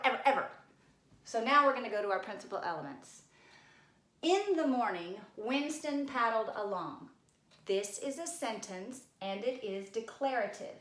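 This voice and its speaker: A woman's voice: on the high side, roomy sound. A woman teacher giving a recorded grammar lesson, coaxing and addressing her class directly.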